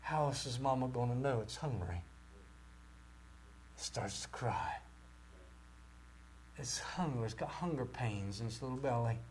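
A man preaching a sermon with great passion, rising to loud cries and dropping to near-whispers. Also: medium pitch, lively intonation, measured pace, long pauses, a little hiss or hum. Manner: impassioned, swings from shouting to near-whispers.

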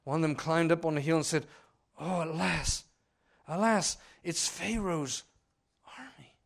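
A man preaching a sermon, swinging between loud cries and hushed lines and acting out the people in his story. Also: a little high, unhurried, vocal fry. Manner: acts out voices of the people in the story.

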